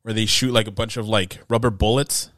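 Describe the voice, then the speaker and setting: A man's voice: fairly low pitch, steady tone, fairly quick, fairly bright tone, dry recording, studio quality. A man co-hosting a podcast in casual chat, rambling with lots of laughs and acted-out quotes. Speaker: podcast co-host.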